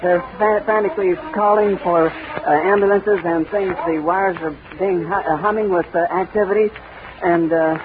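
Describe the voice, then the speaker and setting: Man, high voice, live radio reporter, vivid running description, outdoor airfield, tinny old broadcast. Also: fairly even intonation, normal speed. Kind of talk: live on-scene radio commentary. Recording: tinny, noisy 1930s radio recording.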